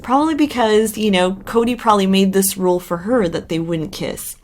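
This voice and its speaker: A woman's voice: medium pitch, a little fast, a little mellow. A woman hosting a casual recap channel, chatty and gossipy with sarcastic asides. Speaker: reality TV recap host.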